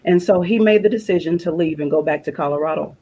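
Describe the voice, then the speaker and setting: Talking fast in a deep, warm, husky voice, a woman guest on a faith broadcast pours out an emotional personal story in plain language with religious phrasing. She recreates conversations as quoted dialogue and repeats phrases. The audio quality is poor.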